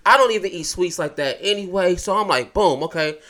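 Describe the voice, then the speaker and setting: A man's voice: high voice, fairly quick. A man co-hosting a casual chat show, telling a funny story with lots of laughter. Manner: animated storyteller, laughs a lot. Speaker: podcast co-host.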